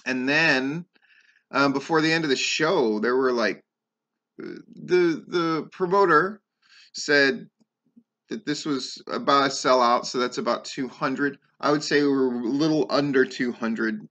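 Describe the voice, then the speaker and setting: In a loose, rambling wrestling-show review on his podcast, a middle-aged host swears freely and fills pauses with "um." His mid-range voice is bright and forceful, and he speaks unhurriedly.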